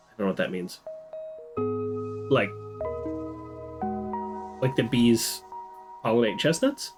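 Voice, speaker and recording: A man's voice: medium pitch, lively intonation, slow pace, long pauses. A man giving chatty, amused let's-play commentary, thinking aloud as he plays a story game. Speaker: game streamer. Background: game music.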